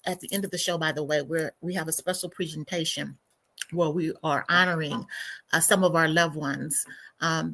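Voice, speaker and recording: A woman hosting a livestream as a counselor, speaking in an unhurried, reflective way with soft drops in volume and sighs. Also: low voice. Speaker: counselor and show host. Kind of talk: spiritual livestream talk.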